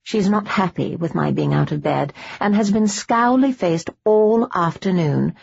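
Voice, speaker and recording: Woman reading a bright teasing young lady, a bit husky, lo-fi sound. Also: fairly low pitch, expressive, unhurried, full character voice. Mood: earnest. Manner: bright, teasing, solemn at times. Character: cheerful young noblewoman, teasing and earnest.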